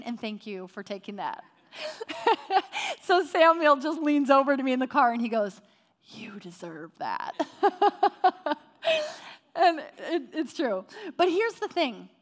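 Woman preaching with a fairly high voice. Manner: storytelling, animated. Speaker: pastor. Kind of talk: sermon.

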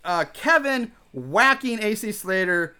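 High bright-voiced guy rambling through a movie recap, swears a lot, laughs a bunch. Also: animated, a little slow, clear, resonant tone. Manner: rambling, profane, laughs often, acts out characters' lines. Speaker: podcast co-host recapping a film. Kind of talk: casual movie recap chat.

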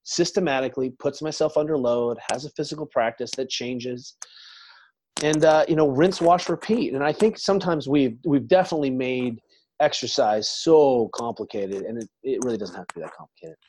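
A man's voice: mid-range voice, moderate pace, darkish tone, a little hiss or hum. A man in his forties, a podcast guest, telling stories in a rambling, conversational way full of restarts. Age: 40s. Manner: rambling storyteller, trails off and restarts. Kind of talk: casual interview chat.

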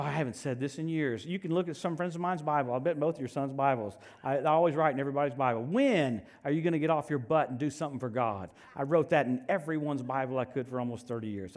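A middle-aged man preaching a sermon, animated and joking, swinging from shouting to hushed asides. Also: sits high.

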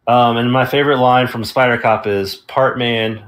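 A man's voice: medium pitch, a little fast, fairly bright tone. A man co-hosting a casual game review podcast, recapping the story hesitantly with many ums and uhs. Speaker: podcast co-host.

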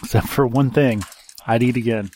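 A man co-hosting a podcast in casual chat, taking his time and teasing with a dry, drawn-out delivery. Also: mid-range voice, steady tone, warm tone. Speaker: podcast co-host.

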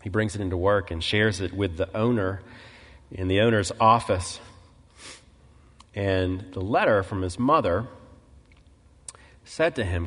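Low-voiced man preaching in a reverberant hall. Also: a little slow, pauses often, fairly bright tone. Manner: storytelling, acts out quoted voices; clears his throat often. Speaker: pastor. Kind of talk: sermon. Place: church sanctuary.

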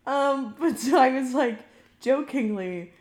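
A woman's voice: high voice, lively intonation, takes it slowly, darkish tone. A young woman co-hosting a casual podcast chat, telling funny stories and acting out quotes with lots of giggles. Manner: chatty storyteller, giggly, acts out quotes. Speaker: podcast co-host.

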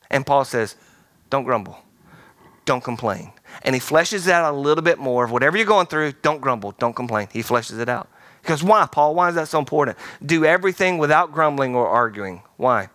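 A male pastor preaching with a bright, forceful voice that sits a little high. He is animated and playful, slipping into quoted voices and laughing as he goes. The sound is close and dry. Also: no echo. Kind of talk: sermon. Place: large theater-style church hall.

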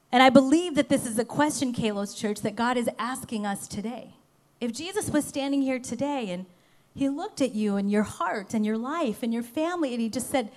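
A woman pastor preaching a sermon to her church, emphatic, swinging between loud urgency and soft hushed passages. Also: fairly high pitch, moderate pace.

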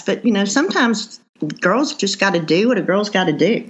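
A woman's voice: medium pitch, animated, normal speed. A woman, chatting as a cookbook author guest in an interview, laughing easily and trailing off with fillers. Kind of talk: casual interview chat.

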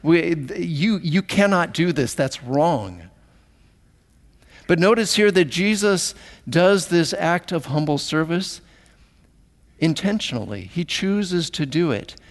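A man preaching from the pulpit with a fairly high voice. He delivers his sermon with animated, emphatic phrasing and repeats words for emphasis. The sound rings with a long hall reverb, as in a church sanctuary. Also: takes it slowly. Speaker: pastor.

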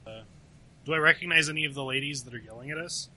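A man with a very sharp, bright voice pitched a little high plays in a tabletop game. He stays relaxed as he describes what his character does. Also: quick pace, low-quality recording. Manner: relaxed, talks through his character's actions. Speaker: player. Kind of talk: casual tabletop game play.

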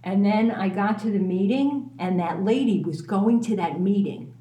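A woman candidly telling a personal story as a guest, animated and self-mocking, swearing freely. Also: medium pitch, normal speed, roomy sound.

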